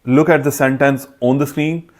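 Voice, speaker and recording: A man's voice: medium pitch, fairly even intonation, moderate pace, darkish tone. A man teaching exam preparation in a methodical, scripted way, listing points one by one. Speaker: test prep instructor. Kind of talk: scripted instructional explanation.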